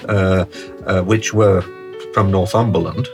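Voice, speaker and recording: British man, lowish voice, hesitant with fillers, faint guitar behind. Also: fairly even intonation, unhurried, gravelly. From England. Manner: hesitant, many fillers, laughs easily. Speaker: guest, English teacher. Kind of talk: casual conversation.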